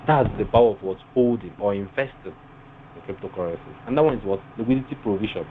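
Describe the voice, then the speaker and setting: A man teaching a live webinar, often pausing to ask his class rhetorical fill-in questions. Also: lowish voice. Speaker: webinar instructor. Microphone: online call mic. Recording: tinny phone-like line with faint noise.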